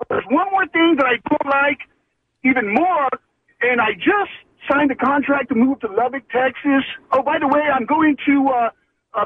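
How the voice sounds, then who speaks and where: A man calling in over a tinny, phone-like line, his voice sitting very high. He rambles from point to point, filling gaps with "you know" and "uh.". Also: a little hiss or hum. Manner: rambling, filler-heavy. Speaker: caller. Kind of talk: rambling call-in complaint.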